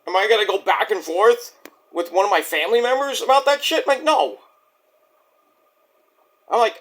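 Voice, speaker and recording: A man's voice: high-pitched, brisk, fairly bright tone. A man, ranting bluntly and profanely in a rambling casual monologue as a vlog host.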